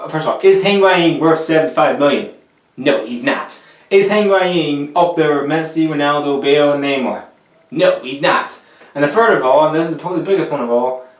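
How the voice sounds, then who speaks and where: A young man talks through football transfers in a loose, opinionated ramble, often restarting his sentences. His voice sits fairly high for a man. The sound is roomy and echoey, picked up from a little way off the mic. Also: distant mic. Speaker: football vlogger. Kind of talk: casual football transfer commentary.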